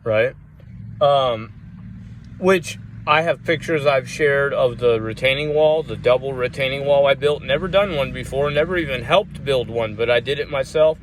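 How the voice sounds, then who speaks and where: A man's voice: medium pitch, normal speed, a little hiss or hum. A man vlogging, telling rambling personal stories in a casual way, swearing often and using many fillers. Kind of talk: casual storytelling.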